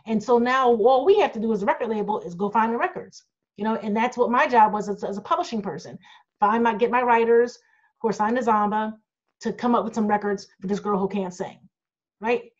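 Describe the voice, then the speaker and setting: A woman's voice: fairly high pitch, brisk. A middle-aged woman, a group manager, answering fan questions in a candid, blunt and outspoken way over a video call. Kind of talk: candid Q&A chat. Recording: dull lo-fi video call audio.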